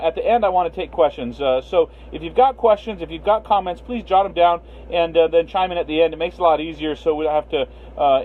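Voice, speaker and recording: A man hosting a casual livestream, rambling with many fillers and greeting viewers by name. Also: a little high. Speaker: livestream host. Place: Las Vegas. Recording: tinny phone-line sound, faint hiss.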